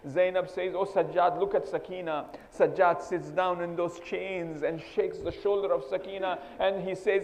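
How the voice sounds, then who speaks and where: A man's voice: sits high, flat delivery, normal speed, hardly any pauses, a little hiss or hum. A man preaching a mourning sermon, telling a sorrowful story with rising, impassioned delivery. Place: mosque hall. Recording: long hall reverb.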